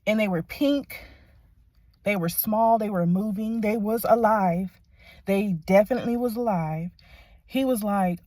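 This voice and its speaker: A woman tells a rambling story to her viewers from her car, dropping to a hush and then rising to loud, excited disbelief. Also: mid-range voice, dry recording. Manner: excitable, rambling, quick to swing between hushed and loud. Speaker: vlogger. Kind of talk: casual storytelling to camera. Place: in a car at a shop, then parked.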